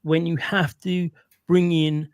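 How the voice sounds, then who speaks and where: A man's voice: fairly high pitch, level tone, slow, dry recording. A man doing casual, opinionated commentary while reviewing clips, rambling and often asking "right?". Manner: rambling, repeats himself, asks "right?".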